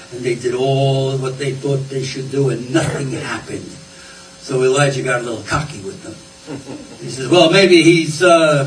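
A man's voice: mid-range voice, darkish tone, slight background noise. A man preaching a sermon in a folksy, conversational way, often repeating his words. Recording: roomy, distant, faint ambience.

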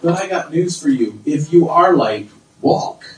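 Middle-aged male pastor, high-pitched, fervent preaching style, echoey hall, distant mic. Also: animated, measured pace. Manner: fervent preaching, swinging from low asides to loud high exclamations. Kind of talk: sermon. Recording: roomy sound from far off.

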